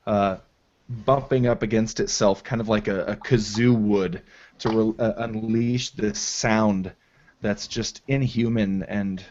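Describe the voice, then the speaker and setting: A man narrating as game master of a tabletop game, in a halting style full of fillers, on a dull lo-fi recording. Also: lowish voice, a little mellow. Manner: slow, halting descriptive narration with many fillers.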